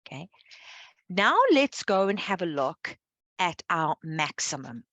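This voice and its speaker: A woman's voice: lowish voice, sing-song, measured pace, fairly bright tone, dry recording. A woman teaching a live online maths lesson, explaining patiently and checking understanding with a frequent "okay". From South Africa.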